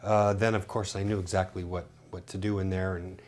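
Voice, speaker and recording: A middle-aged man in a casual interview, speaking in a slightly low, relaxed voice. He looks back thoughtfully, stopping now and then with small hesitant fillers. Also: a little fast, a little hiss or hum. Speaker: interview guest.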